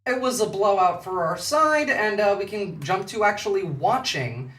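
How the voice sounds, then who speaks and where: A man's voice: sits high, expressive, normal speed, fairly bright tone, echoey room, far from the mic. A man giving casual, profane, sarcastic commentary during a political live stream.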